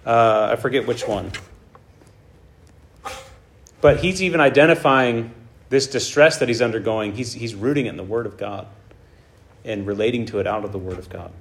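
A man's voice: on the low side, normal speed, gravelly, long pauses. A man preaching a casual, conversational sermon who keeps checking in with his listeners and reads scripture aloud with emphasis. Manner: informal teaching, frequent "right?" check-ins. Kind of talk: conversational sermon on a Bible passage.

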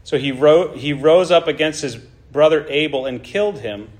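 A man's voice: a little high, moderate pace, a little mellow. A man preaching a sermon in an emphatic way, often checking in with his listeners. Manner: emphatic, checks in with "right?" and "okay?".

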